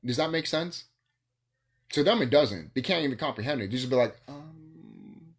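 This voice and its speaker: A man's voice: mid-range voice, animated, a little fast, soft background music. A man vlogging in a rambling solo monologue, ranting and swearing, with bursts of laughter.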